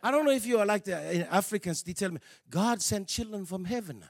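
Preacher, male; high and gravelly voice, dry close sound, swings from hushed asides to shouts. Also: brisk, no room sound. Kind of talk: sermon.

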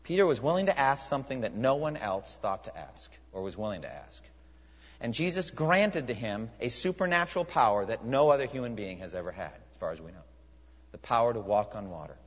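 A man preaching a sermon as pastor, emphatic, with rhetorical questions and dramatic pauses. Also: on the high side, fairly bright tone. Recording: muffled recording in a reverberant hall.

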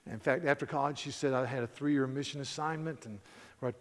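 A man preaching a sermon in a conversational, animated way, telling stories with frequent restarts. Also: mid-range voice, fairly quick. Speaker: pastor. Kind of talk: sermon with storytelling. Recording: hall reverb.

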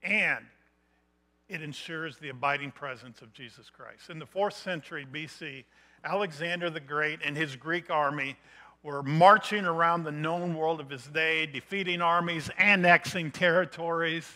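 A middle-aged man preaching a missions sermon, building emphatic points that rise to loud declarations. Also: a little high, moderate pace.

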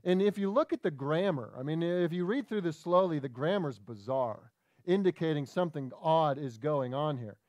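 A man preaching a sermon, animated and conversational, with quick asides and restarts. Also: a little high, no echo. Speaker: pastor.

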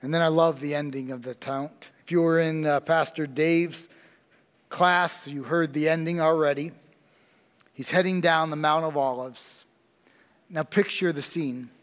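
Slow, high-voiced preaching man. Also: steady tone, a bit bright, big-room sound. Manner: slow, emphatic preaching with dramatic pauses. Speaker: pastor. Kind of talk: sermon.

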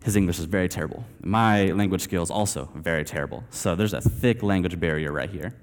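A man's voice: low-pitched, a little fast. A young man from Texas telling a story in a sermon, casual and self-deprecating, dropping "man" and "like" throughout. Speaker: preacher. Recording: reverberant hall.

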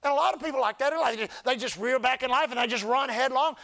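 A man with a very high voice preaches to his church, moving between quiet talk and loud shouting. He calls out for the crowd to repeat words after him. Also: fast, creaky, few pauses. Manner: preaching, often rising to shouts with crowd call-and-response. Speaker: pastor. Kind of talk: sermon. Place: church service.

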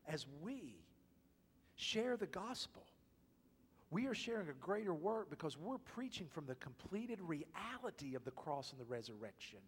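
A male pastor preaching a sermon, swinging from loud, emphatic exhortation to hushed whispers. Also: on the high side, husky. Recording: long reverb of a large hall.

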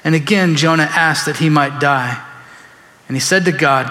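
Guy pastor preaching, animated, acts out bible people, fairly high voice, big echoey church. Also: moderate pace. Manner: animated, acts out biblical figures in quoted voices. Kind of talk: sermon. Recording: long reverb of a large hall.

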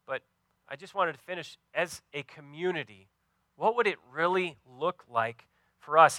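Earnest storytelling preacher, bright crisp voice. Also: male voice, on the high side, a little slow, no echo. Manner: earnest storytelling with many fillers. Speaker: pastor. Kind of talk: sermon.

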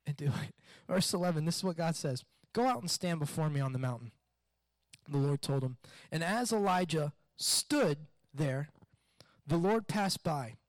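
A man preaching a sermon in a conversational, animated way, retelling a story and repeating questions. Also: high-pitched, no room sound. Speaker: pastor.

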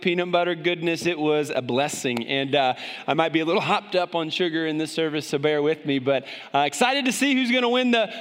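A man preaching to a church congregation, telling folksy jokes and stories in a relaxed, humorous way. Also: high voice. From moved to Tennessee. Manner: joking, folksy storytelling. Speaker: pastor. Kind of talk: sermon. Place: church sanctuary. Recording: long hall reverb.

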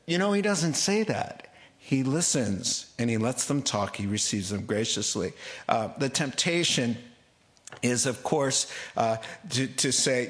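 A man preaching a sermon in an animated, humorous way, acting out the figures in his story. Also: a little high, unhurried.

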